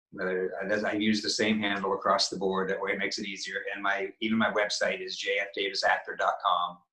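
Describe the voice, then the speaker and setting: A middle-aged man from Maine with a Maine accent, a guest actor talking in a casual interview with halting, stop-start phrasing. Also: fairly low pitch, sharp tone. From Maine, USA. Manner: halting, many restarts and fillers. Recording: roomy echo.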